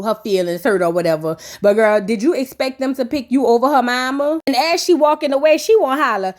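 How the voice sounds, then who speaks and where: A woman giving a blunt, slang-filled recap of a reality show, acting out quotes as she goes. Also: a little high. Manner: sassy, blunt, slangy, acts out the cast's quotes. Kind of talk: casual recap with commentary.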